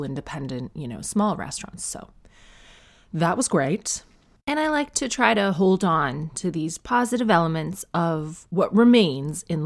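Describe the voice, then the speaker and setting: A woman's voice: lowish voice, darkish tone. A woman with a Canadian accent hosting a podcast, talking through a casual solo monologue in a chatty, wry way that wanders off on tangents. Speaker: podcast host.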